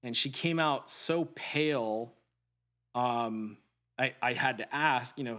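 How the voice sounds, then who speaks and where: A man, a podcast guest, recounting a personal story in an earnest, reflective way, often halting and restarting his sentences. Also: mid-range voice, animated, fairly bright tone.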